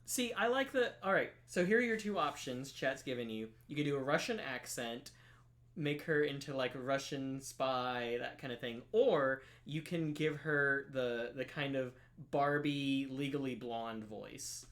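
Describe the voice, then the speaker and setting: A man casually reading and commenting on a story game while streaming, playful and quick to get excited. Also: mid-range voice.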